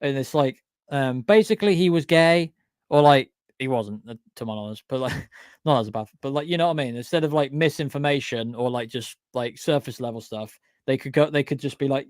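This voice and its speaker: A man's voice: medium pitch, brisk, clear, resonant tone, dry recording, clean studio sound. A young man chatting on a livestream about his channel's history. He rambles, swears often and keeps stopping to say "what do you call it". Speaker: YouTube channel creator. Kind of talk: casual livestream chat.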